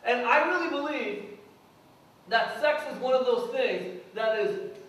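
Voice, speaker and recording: A high-voiced man preaches an earnest sermon as pastor, acting out prayers and quotes along the way. His voice carries from a distance in a very echoey church hall, with a faint hum of room ambience underneath. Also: lively intonation, unhurried, a bit bright. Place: church sanctuary.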